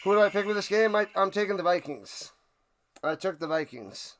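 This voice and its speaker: A man hosting a live stream, giving play-by-play commentary and chatting with viewers, erupting into loud excitement on big plays. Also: high-pitched, moderate pace. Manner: chatty, answers viewers' questions. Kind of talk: play-by-play commentary with chat banter.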